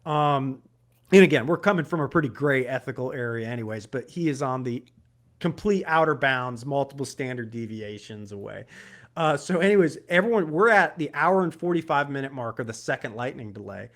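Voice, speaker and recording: A podcast co-host from Georgia, US, tells a story in casual chat, animated and laughing often. His voice is medium-pitched and a little fast.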